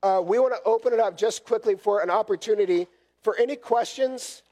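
High-voiced hoarse man leading a session. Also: fairly quick, a little mellow. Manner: repetitive, conversational, constantly checks in with "right?". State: hoarse from a cough. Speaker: session leader at church workshop. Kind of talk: teaching a session to a group.

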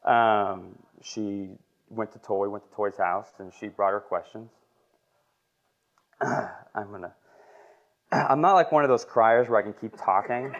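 A man in his twenties giving a halting, emotional personal testimony as a lay preacher in a church classroom. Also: on the low side, steady tone. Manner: halting, emotional, filler-heavy. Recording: muffled lo-fi recording.

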